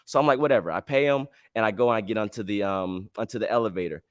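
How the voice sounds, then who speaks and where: A man's voice: fairly low pitch, fast talker, clear, resonant tone, dry recording, clean studio sound. A man hosting a podcast, telling a travel story in casual slang and acting out the dialogue. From United States. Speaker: podcast host.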